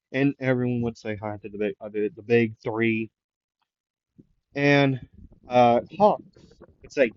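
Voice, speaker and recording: A man's voice: mid-range voice, fairly even intonation, measured pace, pauses often, lo-fi sound. A man improvising a fan story aloud, rambling and hesitant, with many fillers.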